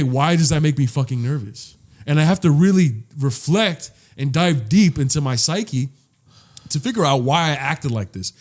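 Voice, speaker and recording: Earnest, swearing young podcast host. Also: male voice, mid-range voice, a little mellow. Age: young adult. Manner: earnest, swears freely, repeats words when building a point. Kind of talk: casual podcast chat.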